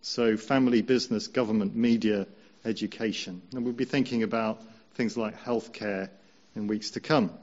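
A man preaching a conversational sermon, slowing down to stress key points. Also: mid-range voice, lo-fi sound. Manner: measured, conversational, slows down for emphasis.

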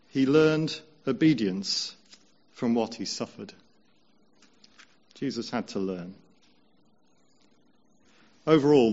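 A man preaching a conversational sermon, slowing down to stress key points. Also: medium pitch, darkish tone, muffled recording. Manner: measured, conversational, slows down for emphasis.

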